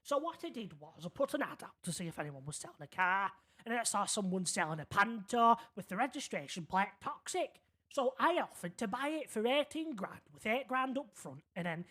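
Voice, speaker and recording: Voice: medium pitch, fairly bright tone. Streamer putting on a clueless young guy, rambles on and on, keeps going "right?". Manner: rambling, keeps checking the listener is following. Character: naive rambling young man, tractor-loving. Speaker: roleplay character in a city game. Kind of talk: in-character storytelling.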